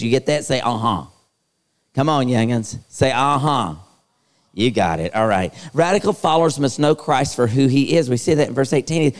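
A man's voice: medium pitch, a little mellow. A middle-aged man, preaching to a live youth conference in a playful, teasing way and talking straight to the crowd. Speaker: youth speaker. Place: large hall. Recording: long hall reverb.

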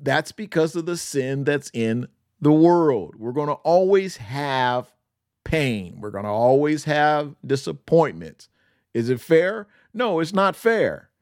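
A man's voice: fairly high pitch, very animated, slow, a little mellow, no echo, clean studio sound. A man hosting a Bible podcast, preaching in an emphatic style that repeats phrases for effect. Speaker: podcast host teaching the Bible.

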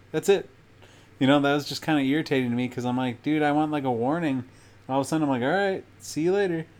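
A man's voice: medium pitch, darkish tone. A young man hosting a podcast, telling a story casually with lots of fillers and swearing. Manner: laid-back, swears freely, many fillers. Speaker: podcast host.

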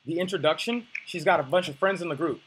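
A man's voice: a little high, quick pace, a bit bright, slight background noise. A young man coaching on dating, talking bluntly and casually, with profanity and many restarts.

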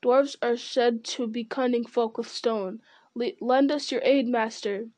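A woman's voice: a little high, steady tone, a little slow, dark tone, natural voice. A woman reading aloud voices an old male soldier who cries out urgently and speaks grimly.

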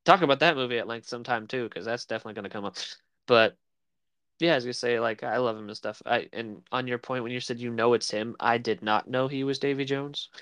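Male podcast co-host, mid-pitched, smooth tone, easygoing banter. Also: quick pace, fairly bright tone, no echo. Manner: easygoing, joking, hesitant with fillers. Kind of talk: casual chat.

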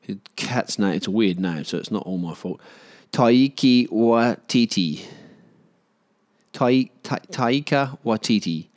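Rambling low-voiced man vlogging. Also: lively intonation, slow pace, a little mellow, no echo, clean studio sound. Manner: rambling and loose, many fillers and restarts, slangy. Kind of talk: casual rambling vlog chat.

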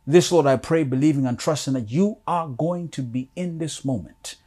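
A pastor preaching a sermon, reading scripture aloud with rising emphasis and calling out to the congregation. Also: male voice, fairly high pitch, mellow. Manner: slow, deliberate preaching with dramatic swells.

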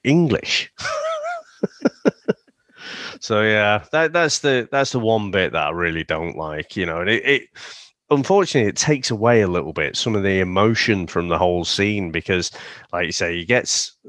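Low-voiced man reviewing movies. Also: fairly bright tone, no room sound. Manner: rambling, frequent fillers and restarts. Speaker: podcast co-host. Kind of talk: casual movie review chat.

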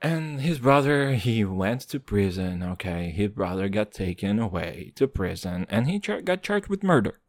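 A man doing a profane stand-up monologue in hip-hop slang, English not his first language, jumping between loud outbursts and low mutters. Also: big pitch swings, normal speed, hardly any pauses, no echo. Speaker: stand-up comedian.

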